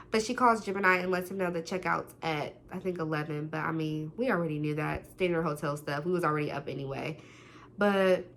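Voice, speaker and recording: Young woman vlogger, middle pitch, chatty slangy storyteller, faint room noise. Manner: chatty, slangy, animated retelling with swearing. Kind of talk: casual storytime.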